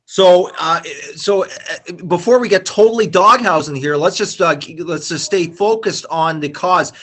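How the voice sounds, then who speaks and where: A man's voice: high-pitched, normal speed, fairly bright tone. A man hosting a live-streamed reunion chat over a video call, upbeat and talkative, with many fillers and restarts. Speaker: host.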